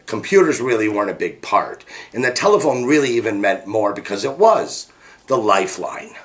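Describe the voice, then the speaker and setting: A middle-aged man, a business coach, telling an energetic, animated motivational story. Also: moderate pace. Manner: energetic, animated, jumps pitch to act out quotes.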